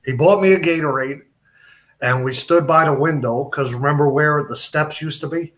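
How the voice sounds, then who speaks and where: A man's voice: a little high, moderate pace, a bit bright. Man telling wrestling stories. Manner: rambling anecdotes with quoted dialogue. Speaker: podcast guest, wrestler. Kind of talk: casual storytelling interview.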